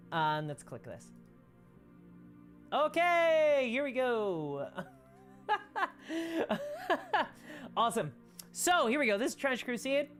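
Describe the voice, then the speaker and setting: Animated rambling woman streamer. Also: mid-range voice. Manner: animated and rambling, laughs often. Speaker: livestream host. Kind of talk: casual livestream chat reading viewer comments.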